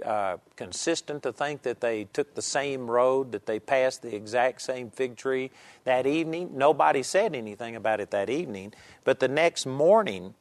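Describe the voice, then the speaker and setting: Brief: male preacher, mid pitch, earnest Bible teaching, close, dry recording. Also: no room sound. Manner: earnest, emphatic, varying loudness.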